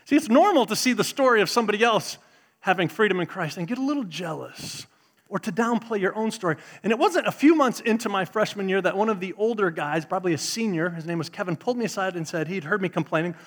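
A middle-aged man, preaching a sermon in an animated way, swinging between loud bursts and hushed asides. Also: high voice, quick pace. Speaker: pastor.

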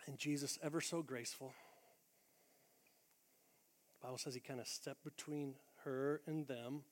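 A man preaching a sermon as pastor, blunt and energetic, swinging between loud emphatic lines and hushed quiet ones. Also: medium pitch, a little slow. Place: large church auditorium. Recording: long reverb of a large hall.

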